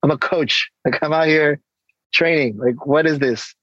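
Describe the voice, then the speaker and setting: A man guest on an interview, casually telling stories and acting out exchanges with lively energy. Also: a little high, moderate pace, dry recording, lo-fi sound. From San Diego, California. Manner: animated storytelling, acts out exchanges. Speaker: guest, hip-hop artist and coach.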